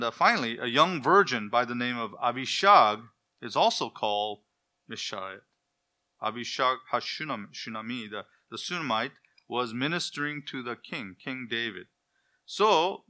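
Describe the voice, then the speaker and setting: A man's voice: medium pitch, pushed and bright. A man preaching an expository sermon, explaining Hebrew words and quoting scripture with rising emphasis.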